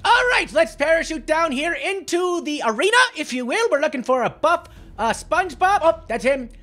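Liam the Leprechaun, a man voicing him, giddy and high. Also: expressive, normal speed. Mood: excitable. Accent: put-on Irish. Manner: giddy, boastful, shouty taunting. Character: clumsy short-tempered cheerful male leprechaun. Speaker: gameplay commentator. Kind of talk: in-character game commentary.

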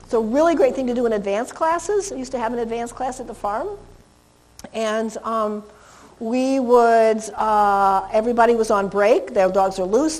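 A woman dog trainer giving a seminar lecture to a live audience, animated and laughing, singing names in a high voice. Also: low-quality recording.

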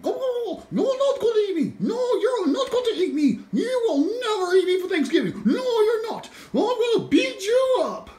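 A woman voices a cocky, scrappy cartoon turkey in a puppet comedy, taunting in a high, squawky chant. He keeps jeering and breaks into shouts. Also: big pitch swings, moderate pace. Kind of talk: puppet show comedy acting.

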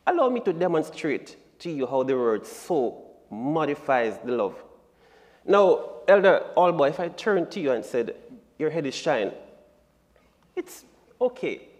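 A man presents a Bible lesson in a church sanctuary. He speaks slowly in a fairly high voice, stressing key words emphatically. His voice rings with the long echo of the church hall. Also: big pitch swings, a little mellow. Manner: deliberate and emphatic, building to strong stresses. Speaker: Sabbath School lesson presenter.

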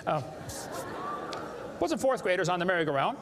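A creationist speaker gives a live seminar lecture in a large hall, joking and emphatic as he plays to the audience. His high voice is sing-song and brisk, and the echoey recording carries faint background noise.

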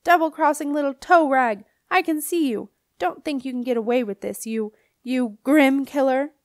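A woman reading an audiobook, voicing a furious witch yelling scornful threats. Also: high voice, normal speed, dry recording, studio quality, pitched above the performer's own voice.

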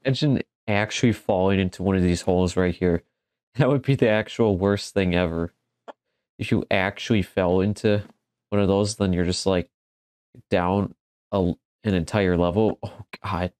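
A man's voice: low voice, steady tone, moderate pace, darkish tone, no echo. A man giving casual let's-play commentary, joking and exclaiming as he talks back to the game. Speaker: gaming commentator.

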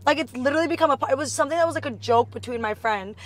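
Young woman guest, kinda high voice, giggly and animated, casual chat vibe. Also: very fast. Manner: giggly, animated storyteller with playful put-on voices. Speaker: reality TV guest.

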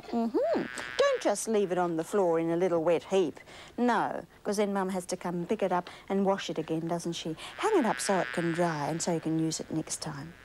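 On a rough recording with a little hiss or hum, a children's TV host, an Australian woman with a fairly low, darkish voice, coaxes young viewers in a sing-song manner and peppers her lines with tag questions.

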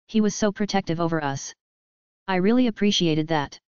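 A woman narrates a novel in the first person. Her voice is a little low and very clean. The recording sounds dull and dry. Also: normal speed, darkish tone, smooth, no room sound. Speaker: audiobook narrator.

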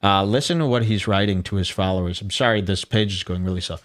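A man's voice: fairly low pitch, fast talker. A man hosting a solo podcast, delivering incredulous, ranting commentary and reading social media posts aloud. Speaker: podcast host.

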